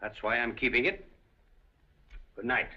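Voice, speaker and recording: An actor playing a suave, scheming café proprietor in a 1930s film, speaking in an urbane, deliberate way. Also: male voice, medium pitch, lightly acted. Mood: sly. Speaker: café owner. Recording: dull 1930s film soundtrack.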